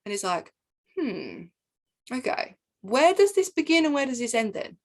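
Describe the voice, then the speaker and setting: A young woman teaching a spiritual masterclass in an animated, repetitive way, often acting out imagined voices. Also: a little high, normal speed. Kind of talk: masterclass monologue.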